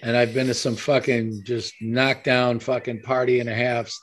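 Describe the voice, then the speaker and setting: A man's voice: medium pitch, flat delivery, normal speed, a little hiss or hum. A man in casual podcast chat, laid-back and swearing freely as he recalls wild parties. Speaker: podcast co-host.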